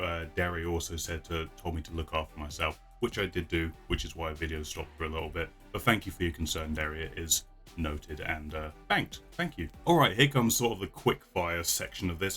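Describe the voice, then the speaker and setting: Low bright-voiced chatty man. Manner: chatty, rambling with frequent restarts and laughs. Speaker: vlogger. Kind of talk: casual chat.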